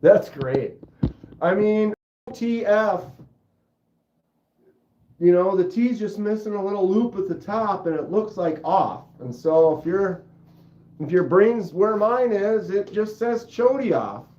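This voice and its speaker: A man's voice: sits high, animated, slow, long pauses, dark tone, roomy sound, lo-fi sound, slight background noise. A man hosting a knife channel livestream, casually reading viewer comments aloud and joking, often breaking into giggles. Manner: jokey, breaks into giggling fits.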